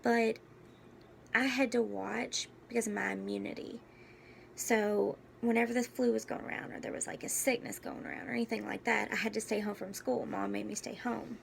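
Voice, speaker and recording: Young woman, gravelly and losing her voice. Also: mid-range voice, steady tone, a little hiss or hum. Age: young adult. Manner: halting, candid, with many fillers and restarts. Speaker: vlogger. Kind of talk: casual personal vlog.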